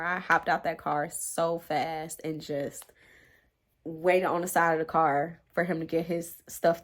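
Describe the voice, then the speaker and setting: Animated young woman telling a story. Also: on the low side. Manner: animated, dramatic, drops to hushed whispers for emphasis; talks straight to viewers, slangy and exasperated. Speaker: storytime vlogger. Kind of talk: casual storytelling to viewers.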